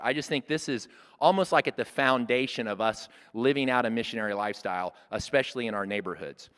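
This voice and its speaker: A man's voice: mid-range voice, fairly bright tone, clear, resonant tone. A man in his sixties giving an earnest, conversational teaching talk at a church workshop, often restarting his phrases. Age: 60s. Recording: long reverb of a hall.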